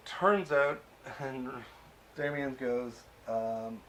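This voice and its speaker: Regular guy rambling through an episode recap, amused, lots of uhs, mid-pitched voice, faint hiss behind. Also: very slow, fairly bright tone. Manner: chatty, amused, peppered with uh and um. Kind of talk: casual recap and review.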